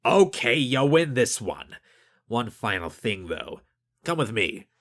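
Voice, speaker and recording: A man's voice: mid-range voice, big pitch swings, slow pace, a bit bright, full character voice. A man voicing an officious, rule-bound middle-aged ship inspector.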